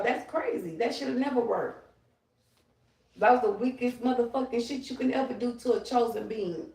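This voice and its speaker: A woman's voice: a little high, recorded from a distance. A woman ranting on a livestream, profane, emphatic and confrontational. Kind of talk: livestream rant. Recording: roomy, away from the mic.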